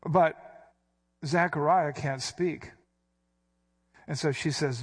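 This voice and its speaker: A man preaching a sermon, walking his listeners through scripture verse by verse. His voice sits a touch higher than most men's, and he leans hard on key phrases as he explains word meanings. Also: slow pace, gravelly, pauses often, husky. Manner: teaching, emphatic, explains Greek words. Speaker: pastor.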